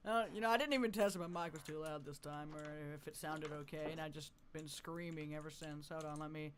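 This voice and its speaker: A man chatting through a live game stream, swinging from mumbly asides to loud, cartoonish exclamations and laughing often. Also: fairly high pitch, steady tone, fairly quick, background noise. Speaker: gaming streamer. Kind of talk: live gameplay commentary.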